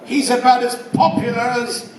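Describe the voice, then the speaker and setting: High-voiced English comedian in a roomy hall. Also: male voice, flat delivery, moderate pace. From England. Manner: punchy, loud delivery of one-liners. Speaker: stand-up comedian. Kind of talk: stand-up comedy routine. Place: casino show room before a live audience. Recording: roomy live hall, mic at a distance, crowd and noise. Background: audience laughter.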